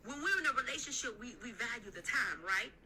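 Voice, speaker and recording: A woman's voice: fairly high pitch, lively intonation, fast, sharp tone, slight background noise, low-quality recording. A woman hosting a live stream, giving a preachy, emphatic motivational talk full of repeated phrases.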